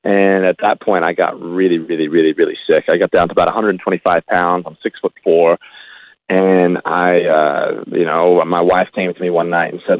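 A man, a musician guest, speaking candidly in casual interview chat, halting often with fillers. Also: low-pitched, level tone, no room sound. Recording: dry, phone-like sound.

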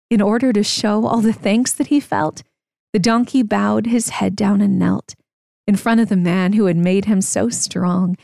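A young adult woman reading a rhyming children's story aloud to her kids in a slow, rhythmic narration. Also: mid-range voice, gravelly, a little mellow, dry recording, clean studio sound.

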